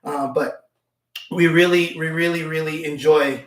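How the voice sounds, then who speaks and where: A man's voice: fairly high pitch, steady tone, unhurried, fairly bright tone. A man co-hosting a casual chat show, talking informally and ticking points off with "okay" and "uh". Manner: informal, listing things with filler "okay" and "uh". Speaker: co-host. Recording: roomy, from far off the mic.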